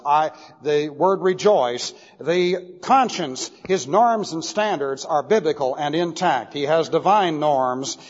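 A male preacher teaches verse by verse, leaning hard on the words he wants to land. His voice sits a little high for a man. The recording is dull and muffled, with a long reverb trailing through a large hall. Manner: emphatic, drawn-out stress on key words. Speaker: pastor. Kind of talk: expository Bible sermon.

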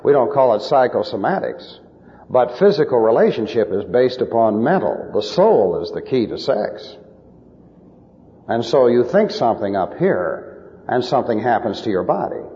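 A man's voice: medium pitch, big pitch swings, moderate pace, warm tone, long reverb tail, muffled recording. A male preacher giving emphatic, lecture-style Bible teaching with numbered points.

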